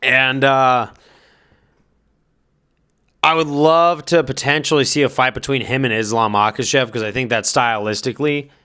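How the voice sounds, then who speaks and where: A man speaking in a smooth, resonant voice at a middling pitch, talking through a fight matchup. He thinks aloud, hedges his guesses and turns to give direct advice. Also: steady tone, moderate pace, pauses often, pushed and bright. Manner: speculative, hedging, thinking aloud. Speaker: fight commentary vlogger. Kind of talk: casual spoken commentary.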